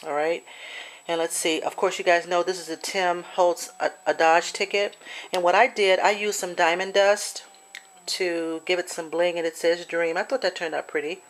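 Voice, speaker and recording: Chatty woman with a low voice, showing crafts. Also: level tone, normal speed. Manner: chatty, hesitant, with many fillers and restarts; gets emotional and apologetic. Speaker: crafter showing a swap project. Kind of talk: casual show-and-tell craft video.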